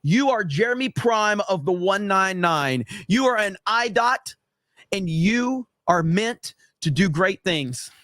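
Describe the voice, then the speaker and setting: A man putting on the voice of a female politician, giving a slow, earnest, mock-sincere pep talk. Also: high-pitched, lively intonation, a bit bright, no echo, clean studio sound, pitched above the performer's own voice, full character voice. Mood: mock-inspiring.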